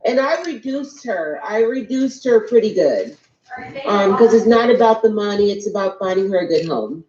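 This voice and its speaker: A woman with a Texan accent, a dog breeder co-hosting a casual chat, talking in a halting way with many ums and restarts. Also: mid-range voice, expressive, a crowd in the background. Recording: roomy, dull with faint noise.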